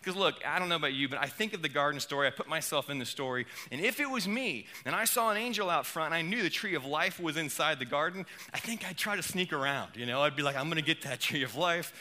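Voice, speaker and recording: A man preaching a sermon in a casual, animated way, with playful asides. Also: a little high, fast talker, hardly any pauses. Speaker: pastor.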